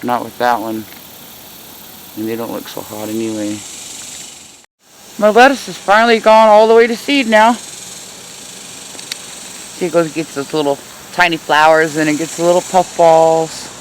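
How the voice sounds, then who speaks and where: A woman's voice: low-pitched, normal speed, pauses often, slight background noise, poor audio. A woman giving a casual, chatty tour of her backyard garden in the heat, hot and sweaty and laughing at herself. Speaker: gardening vlogger.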